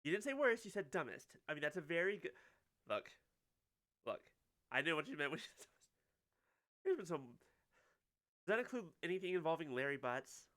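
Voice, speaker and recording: Excitable man streaming a game. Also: fairly high pitch, a little fast, pauses often. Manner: chatty, excitable, reacts to chat. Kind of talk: casual let's-play commentary. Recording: clear background noise.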